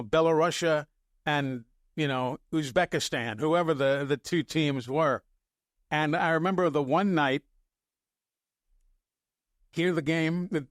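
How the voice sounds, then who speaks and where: An older man who works as a sports broadcaster tells stories casually and with animation, often chuckling. His voice sits somewhat high for a man. The recording is dry and close. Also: no echo. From New York area. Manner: animated anecdotes, chuckling, quoting himself. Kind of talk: casual storytelling on a podcast.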